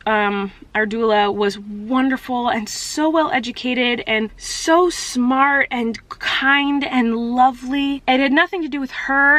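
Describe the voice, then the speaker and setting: A woman's voice: fairly high pitch, sharp tone, no room sound, poor audio. A young woman talking straight to camera in a rambling, confessional vlog, using "like" a lot. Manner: rambling, heavy use of "like". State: upset. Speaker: vlogger.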